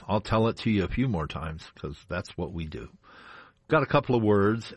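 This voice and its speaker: Deep husky man DJing jazz radio. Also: dry recording, highs cut off. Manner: relaxed, chatty, joking asides. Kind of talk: casual on-air chat. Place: radio studio. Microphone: studio microphone.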